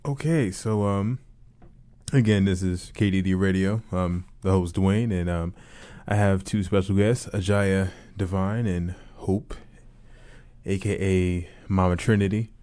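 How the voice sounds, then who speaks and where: A man hosting a casual radio talk show, relaxed and rambling, with a low late-night radio voice. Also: a little slow, smooth. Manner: relaxed, rambling with many fillers. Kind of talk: casual podcast chat.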